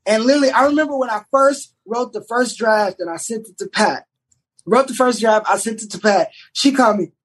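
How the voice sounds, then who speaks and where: A young man, a writer, chatting casually on a podcast and telling an animated story full of restarts. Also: very high-pitched, a little fast, breathy edge, low-quality recording. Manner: animated storyteller, many restarts, does voices in quotes. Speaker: writer and showrunner guest.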